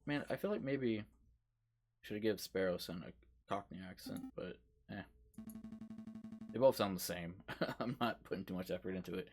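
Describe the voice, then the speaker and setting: Low-voiced, gravelly male streamer. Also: normal speed, long pauses, faint music behind. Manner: offhand, chatty asides. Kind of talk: casual game commentary.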